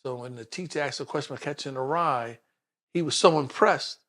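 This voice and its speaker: As an interview guest, a New York detective in his sixties narrates his life in a lively way, mimicking the people he quotes. His New York-accented voice is medium-pitched and a little fast.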